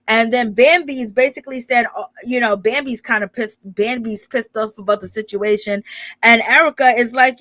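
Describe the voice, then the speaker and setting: A woman's voice: on the high side, normal speed, no room sound. A woman hosting a casual reality TV recap, chatting animatedly, laughing often and acting out quoted lines. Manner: animated retelling with quoted dialogue. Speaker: gossip channel host.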